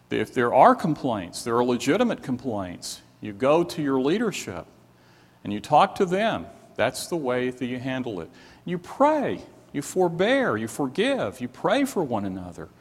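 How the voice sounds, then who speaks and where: Slow, emphatic preaching man in echoing church. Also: mid-range voice. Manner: earnest preaching, slow and emphatic with rising exhortations. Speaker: pastor. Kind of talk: sermon. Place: church sanctuary. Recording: long hall reverb.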